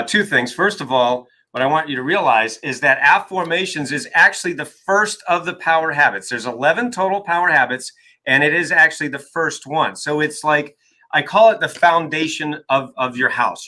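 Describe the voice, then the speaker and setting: A man's voice: fairly high pitch, bright, forceful tone, low-quality recording. A man being interviewed as an author and coach, talking emphatically and often checking in with "right?". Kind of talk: energetic interview talk.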